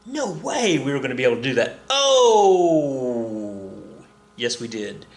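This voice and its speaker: A man's voice: medium pitch, big pitch swings, takes it slowly, roomy sound. Chatty middle-aged male history teacher. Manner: chatty, joking asides, self-corrections. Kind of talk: casual recorded lesson.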